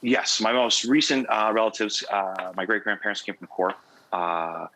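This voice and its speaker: A young American man, an award honoree, answering interview questions in a measured, businesslike way. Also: fairly low pitch, pushed and bright, slight background noise, low-quality recording. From United States. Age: young adult. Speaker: award honoree, port operations manager.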